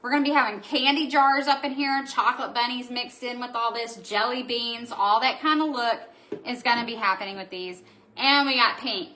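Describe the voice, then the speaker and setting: A woman's voice: a little high, normal speed, bright, forceful tone. Gushing woman hosting a live show. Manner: gushing, chatty, reads out viewer comments. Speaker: host of a live craft supply show. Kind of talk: casual live-stream product showcase. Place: indoor room at home.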